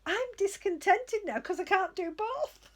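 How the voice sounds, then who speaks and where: A woman medium with a high voice shares spiritual guidance at a slow, unhurried pace. She is gentle and reflective, and she often laughs at herself as she talks. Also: lively intonation. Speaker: psychic medium.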